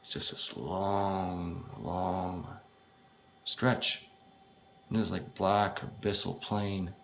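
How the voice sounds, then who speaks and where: A man reading his own first-person horror story aloud, in a halting, unpolished way with frequent swearing. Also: low-pitched, little pitch movement, gravelly, a bit bright, slight background noise.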